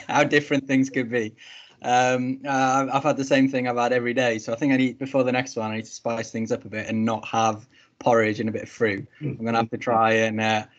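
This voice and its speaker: A man co-hosting a podcast, joining over a video call. He talks in a flat, steady tone with a laid-back, joking manner, and the call audio sounds muffled. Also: mid-range voice, fairly quick. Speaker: podcast co-host. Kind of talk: casual podcast interview.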